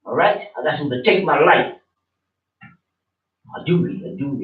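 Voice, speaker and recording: A man's voice: on the high side, animated, normal speed, long pauses. A man preaching a fiery street-style sermon, scolding and swearing, with phrases said again and again. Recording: muffled, distant, echoey room.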